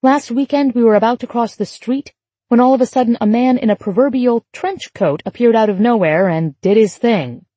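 A woman voicing a brisk adult mother who questions her young daughter firmly and pointedly, read as part of an audiobook. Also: on the high side, warm tone, no echo, voice pushed up, lightly acted.

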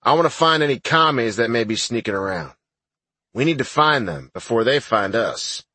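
A man voicing a gruff, blunt older army sergeant in an audiobook, with a husky voice. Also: mid-range voice, lively intonation, normal speed, sharp tone, no echo.

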